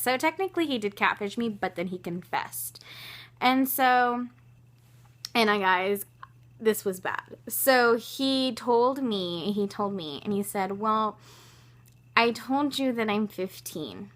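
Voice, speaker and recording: An eighteen-year-old woman telling a personal story to her vlog viewers, animated and exasperated, with lots of fillers and restarts. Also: mid-range voice, measured pace. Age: young adult. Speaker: vlogger.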